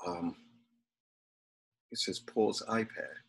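Man, deep-ish and gravelly, hosting a family video call; halting delivery. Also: a bit bright. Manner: halting, with many restarts and fillers. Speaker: family call host and prayer leader. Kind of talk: prayer, then casual video call hosting.

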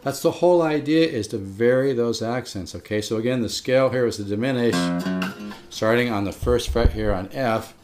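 A man's voice: mid-range voice, moderate pace. A man giving a casual guitar lesson, talking in a loose, rambling way with restarts. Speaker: guitar teacher. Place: home room near the beach. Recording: guitar playing clearly under the voice. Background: guitar playing.

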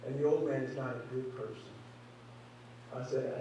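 A man's voice: mid-range voice, a little slow, long pauses, darkish tone, a little hiss or hum. Man preaching in an echoey church. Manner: preaching with rising emphasis and rhetorical questions. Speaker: pastor. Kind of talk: sermon. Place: church sanctuary. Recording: echoey church hall, distant mic.

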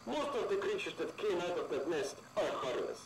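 A curt facility supervisor. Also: male voice, sits high, big pitch swings, echoey room, poor audio. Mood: dismissive. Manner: brisk, calls the player comrade. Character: curt male science-facility supervisor, unbothered. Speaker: supervisor in a horror game.

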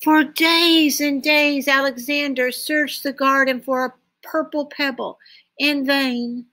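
A woman reading a children's picture book aloud in a slow, expressive storytelling manner. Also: sits high. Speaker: storybook reader.

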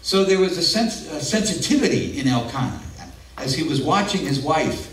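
A male pastor preaches in an earnest, conversational way, sharing personal asides. His voice sits fairly high. It rings through an echoey church and is picked up from a distance. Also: animated, moderate pace. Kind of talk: sermon. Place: church sanctuary. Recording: echoey room, mic at a distance.

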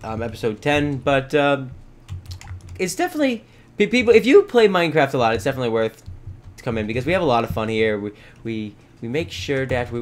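A man hosting a let's play, chatting casually and excitedly coaxing and yelling at the animals in the game. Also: mid-range voice, slight background noise. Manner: excitable, yells and coaxes at game animals, rambling asides. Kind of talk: casual gameplay commentary.

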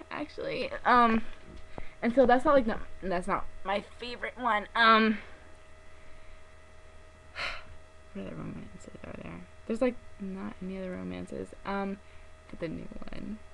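A woman's voice: mid-range voice, a little hiss or hum, poor audio. A young woman in casual chat to camera, gushing and rambling with many fillers and giggles. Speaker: vlogger.

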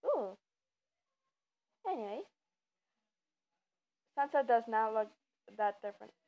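A woman's voice: a little high, lively intonation, slow pace. A woman giving casual, rambling commentary while playing a game, stumbling over her words with lots of ums. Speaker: gamer. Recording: muffled lo-fi, faint game music.

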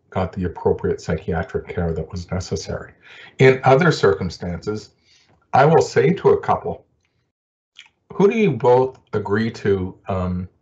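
An older man and social worker giving a conversational talk with stories, often pausing on fillers. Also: lowish voice, dull audio. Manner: storytelling, conversational with frequent fillers. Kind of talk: recorded professional talk.

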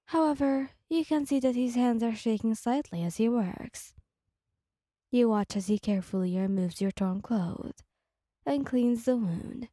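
A woman narrating a second-person ASMR story in a soft, slow, gentle reading voice. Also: fairly high pitch, no room sound, studio quality.

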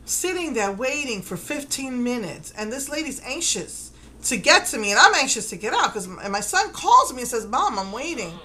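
A woman's voice: high-pitched, sing-song, moderate pace, pushed and bright, a little hiss or hum, low-quality recording. A middle-aged mother chatting in a casual vlog, retelling events with quoted dialogue and nervous laughter. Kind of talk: casual personal vlog storytelling.

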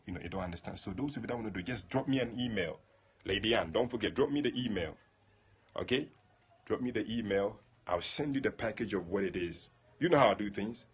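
A man's voice: on the low side, husky, highs cut off. A man leading a prayer livestream, chatting casually and addressing viewers by name.

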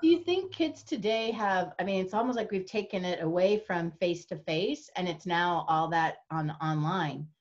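A woman's voice: on the low side, normal speed, few pauses, muffled recording. A woman on a discussion panel who asks questions and speaks with hesitant, searching phrasing.

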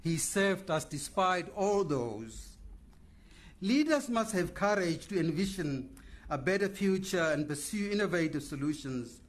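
A man delivering a formal eulogy speech in a measured, oratorical manner. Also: on the high side. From Namibia. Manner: measured, oratorical, lists words with pauses. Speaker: memorial speaker.

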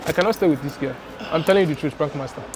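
A man's voice: on the high side, rapid-fire, crowd noise. A man with a Nigerian Pidgin accent acting an insistent blind date in a comedy skit. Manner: insistent, speaks Pidgin on the phone.

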